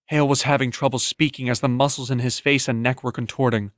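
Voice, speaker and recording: A man's voice: medium pitch, little pitch movement, fast talker, few pauses, no echo. Man narrating an audiobook in a dry, close voice. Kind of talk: scripted narration.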